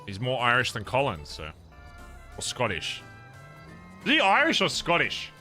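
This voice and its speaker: This English roleplay streamer has a mid-range voice with wildly swooping pitch and a sharp tone, yet keeps a measured pace. Soft music plays as he chats casually, rambling, teasing himself, and laughing at his own lines.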